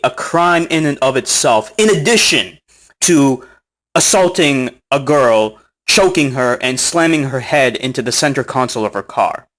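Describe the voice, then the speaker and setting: A man's voice: on the high side, a bit bright. A man recounting an online argument in casual commentary, mocking, sarcastic and profane, often breaking into laughs, recorded on a smartphone.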